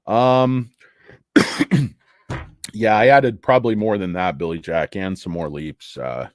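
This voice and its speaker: A man's voice: lowish voice, slow, no room sound, clean studio sound. A man hosting a casual stock livestream, rambling and joking sarcastically as he talks to his chat from his office. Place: home office.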